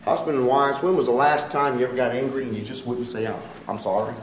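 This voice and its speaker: A man preaching a sermon in a church, swinging between loud, pleading appeals and quiet, soft asides. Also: fast talker, few pauses, muffled recording. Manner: rises to loud impassioned appeals, then drops low and soft. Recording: echoey room from far off.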